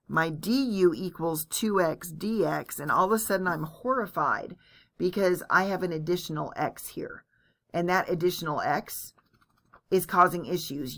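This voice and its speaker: A woman with a fairly low voice teaches calculus in a recorded lecture. She talks each step through aloud, keeping it chatty and joking at her own expense. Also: a bit bright. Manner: chatty, self-deprecating, walks through steps aloud. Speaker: math teacher.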